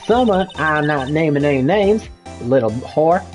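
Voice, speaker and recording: A woman's voice: sits low, animated, unhurried, a little mellow, faint music behind. A woman putting on a brassy Southern drawl. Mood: sassy. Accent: put-on Southern US drawl. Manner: folksy, bossy, exaggerated drawl. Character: brash Southern woman photographer, loud and nosy.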